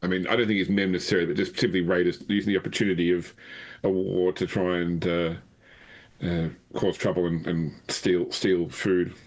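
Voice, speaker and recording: A man answering in a tabletop role-playing game, halting with fillers. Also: deep voice, little pitch movement. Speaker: player.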